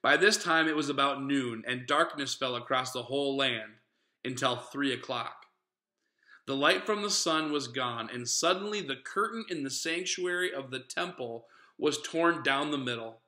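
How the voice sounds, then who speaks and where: A man's voice: medium pitch, a little slow, sharp tone. Earnest conversational male preacher. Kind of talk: sermon. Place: church sanctuary. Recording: echoey church room.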